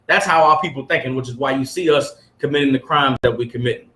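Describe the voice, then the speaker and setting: In an echoey room, a man teaching a group reads aloud and keeps throwing rhetorical questions at them in a preachy, emphatic way. He talks fast, at medium pitch, with a bright and forceful tone.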